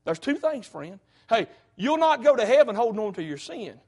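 A man's voice: extremely high pitch, sing-song, normal speed, darkish tone, husky. A man preaching a sermon, fervent and folksy, often breaking in with "hey".

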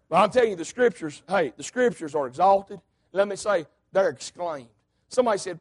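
A man preaching a fiery sermon, swinging between hollering and low asides. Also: expressive, a little fast, a little mellow.

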